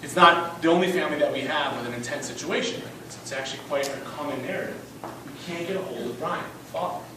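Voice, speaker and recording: A school principal tells an emphatic story at a fundraiser in an event room, often asking "right?". His voice is a little high, pushed, and bright, and he talks fast. The recording is noisy, echoey, and taken from a distant mic.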